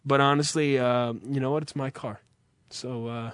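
A man's voice: medium pitch, fairly even intonation, normal speed, a bit bright, clean tone, no echo, studio quality. A man hosting a call-in show, swearing a lot and rambling in a self-mocking way. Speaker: radio call-in show host. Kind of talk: crude comedic call-in monologue.

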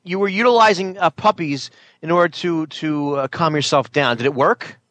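A man's voice: a little high, normal speed, fairly bright tone, no echo. A man co-hosting a talk show, throwing in needling, incredulous questions. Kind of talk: casual radio banter.

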